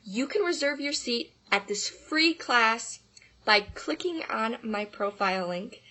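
Bright, breathy woman voice teacher. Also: fairly high pitch, lively intonation, measured pace. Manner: upbeat, enthusiastic. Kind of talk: podcast voice lesson.

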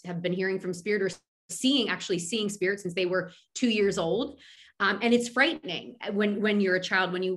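A fairly bright, mid-range voice belongs to a middle-aged Philadelphia woman who works as a medium. As a podcast guest in a casual interview, she talks chattily with many fillers and restarts.

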